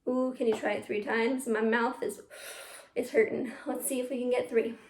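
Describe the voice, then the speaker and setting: A woman's voice: a little high, little pitch movement, normal speed, a little hiss or hum. A woman teaching an online drama class for children, upbeat and encouraging as she leads tongue twisters. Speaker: youth theatre drama teacher. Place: at home on a video call. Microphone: computer mic.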